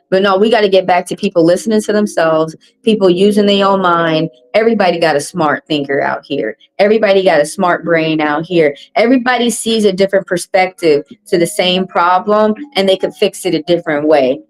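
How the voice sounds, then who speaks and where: A woman's voice: fairly low pitch, poor audio. A woman hosting a tarot live stream, talking bluntly and profanely in a casual monologue and repeating phrases for emphasis.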